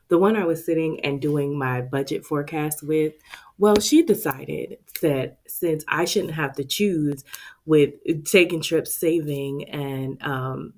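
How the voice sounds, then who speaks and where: A woman, chatting to her viewers in a casual vlog about her budget. Her voice sits low, and she talks in an expressive, friendly way, calling her audience "y'all." She is close to the mic. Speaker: budgeting vlogger and channel host.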